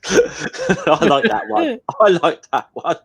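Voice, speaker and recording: A man's voice: high voice, low-quality recording. A British man in casual chat, reading comments aloud in an easygoing way. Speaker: guest.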